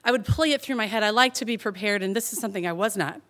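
A young woman telling a personal story to a live audience, chatty and animated, laughing and peppering her talk with "like". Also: medium pitch, fast.

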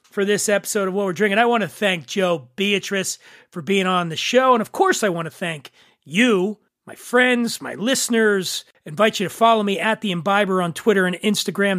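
A man hosting a podcast in casual chat, jovial and quick to laugh. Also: sits high, a bit bright, no echo, clean studio sound. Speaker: podcast host.

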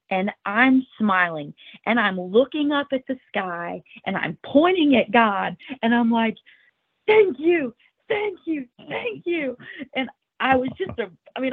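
Husky-voiced woman on a tinny line. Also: fairly high pitch, no echo. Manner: earnest, emotional, tumbling restarts. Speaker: podcast guest. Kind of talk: animated first-person storytelling. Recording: tinny phone-like line, dry.

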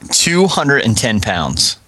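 Male podcast co-host, mid pitch, easy chuckle, retells quirky news in a dry studio sound. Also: very animated, slow, bright, forceful tone, dry recording. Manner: chuckles often while retelling odd news. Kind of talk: casual podcast chat.

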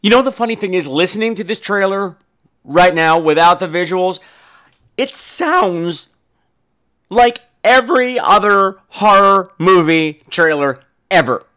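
Campy, high-voiced male podcast host. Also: animated, unhurried, pushed and bright, smooth. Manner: campy, sassy, profane and theatrical. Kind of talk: casual review podcast.

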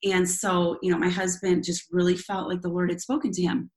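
A woman's voice: on the low side, little pitch movement, a little fast, darkish tone. A woman who is a worship leader and former youth pastor, telling her personal testimony in an interview in a candid, self-deprecating way with frequent laughs.

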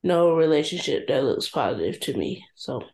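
A young woman co-hosting a casual podcast, speaking in a measured, thoughtful way. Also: sits low, big pitch swings, a little mellow. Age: young adult. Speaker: podcast co-host. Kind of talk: casual chat.

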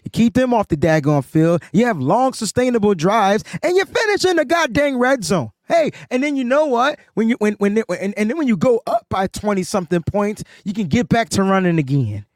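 A man with a high voice co-hosts a sports podcast. He rants with excitement and stumbles over his words as he gets going. The sound is dry and close. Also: fairly quick, few pauses, no echo. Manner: animated, ranting, repeats words. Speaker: podcast co-host.

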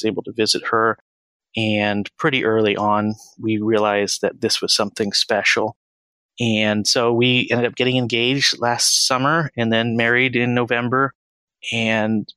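A man in his thirties, a financial planner as podcast guest, speaking in an earnest, measured and reflective way. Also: mid-range voice, bright, forceful tone, clear, resonant tone, no room sound, rough recording. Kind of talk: conversational interview.

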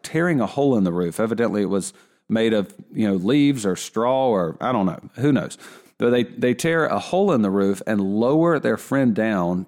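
A man giving a relaxed Bible lesson in a conversational way, often restarting his sentences. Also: lowish voice. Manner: conversational, with frequent restarts and fillers. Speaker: Bible teacher.

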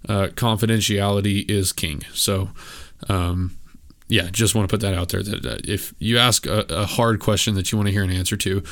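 A man's voice: fairly low pitch, steady tone, normal speed, fairly bright tone. A man hosting a solo podcast, talking casually and candidly in a rambling way with lots of filler words. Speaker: podcast host.

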